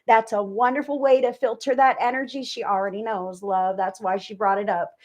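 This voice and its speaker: A woman's voice: mid-range voice, fairly even intonation, brisk, darkish tone. A woman doing live psychic readings on a stream, chatting with viewers in a gushing, affectionate, rambling way.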